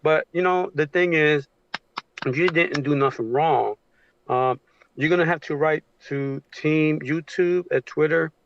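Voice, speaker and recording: A man on a livestream video call, talking in a halting, emotional way with many fillers. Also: on the high side, dull audio. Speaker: guest on a livestream. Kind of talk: casual supportive chat. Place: home with a train passing outside.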